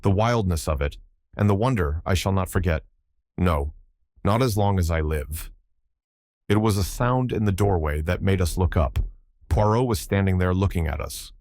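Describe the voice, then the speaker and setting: A man narrating an audiobook in an earnest, measured way. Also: low voice, a little mellow, no room sound. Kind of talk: scripted narration.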